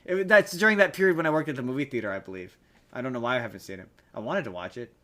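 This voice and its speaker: A man's voice: medium pitch, rapid-fire, pushed and bright. Man, podcast host, casual chat, chatty, teasing, rambling.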